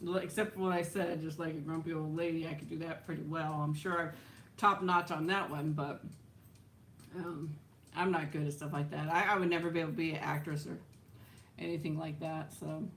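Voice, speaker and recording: A woman's voice: deep voice, fairly even intonation, fairly quick, slight background noise. A woman hosting a casual livestream, chatting and answering viewer comments, laughing often and trailing off with "so". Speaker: livestream host. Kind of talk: casual live chat reading viewer comments.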